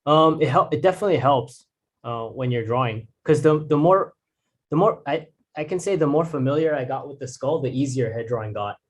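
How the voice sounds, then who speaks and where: A man's voice: mid-range voice, brisk. A man teaching drawing in a casual, rambling way, restarting sentences and using fillers. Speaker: art instructor.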